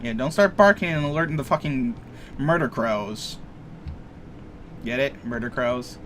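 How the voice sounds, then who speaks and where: A man's voice: mid-range voice, measured pace, fairly bright tone, slight background noise. A young man casually commenting on a game he plays, rambling, joking and swearing freely. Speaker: let's play streamer.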